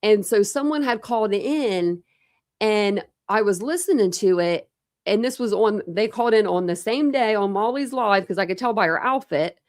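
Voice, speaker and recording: A woman's voice: medium pitch, lively intonation, moderate pace, dry recording, studio quality. A woman hosting a casual true crime livestream, rambling chattily with lots of fillers and restarts.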